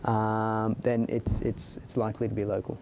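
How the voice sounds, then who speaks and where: A man explains treatment options to an audience after his talk. He speaks in a measured, patient way, with a mellow, warm tone. A faint low rumble sits behind him in the meeting room. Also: completely flat delivery, vocal fry. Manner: measured, explanatory, some restarts. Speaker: urologist presenter. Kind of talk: answering audience questions.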